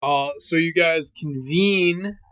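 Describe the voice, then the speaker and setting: A game master narrating a tabletop horror game in a casual, halting way, full of fillers and the odd curse. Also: mid-range voice, a bit bright, smooth.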